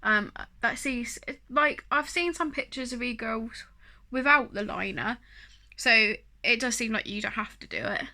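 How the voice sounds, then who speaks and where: A chatty woman talks her way through a makeup tutorial, wandering off-track and poking fun at herself. Her voice sits a little high and rings bright and forward. She fills her pauses with easy "um"s. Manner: chatty, self-deprecating, rambling with fillers. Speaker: beauty vlogger. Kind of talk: casual makeup tutorial chat.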